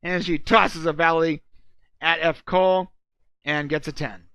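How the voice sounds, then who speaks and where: A man from California with a high, bright voice, co-hosting a casual comedy show. He tells game matchups as loose stories and often laughs at himself. The recording is close and dry. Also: steady tone, measured pace, smooth, dry recording. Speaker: co-host.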